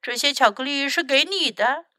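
A woman's voice: sits high, moderate pace, pushed and bright, no room sound, studio quality. Woman playing a cheeky young fox boy. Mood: sheepish. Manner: protesting, cheeky.

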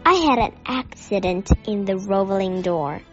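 A woman's voice: mid-range voice, lively intonation, moderate pace, soft background music, natural voice. A woman voicing a small, polite young bear in a storybook reading. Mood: earnest. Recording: slightly dull lo-fi audio.

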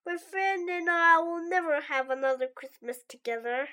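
A worried little male toad from a storybook, read aloud by a woman. He frets out loud in a high, bright voice, always imagining the worst. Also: moderate pace. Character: fretful male toad, small, anxious.

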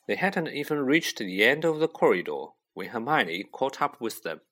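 A man reading a children's novel aloud, unhurried and expressive. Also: medium pitch, breathy edge. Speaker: audiobook reader. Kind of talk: storybook narration.

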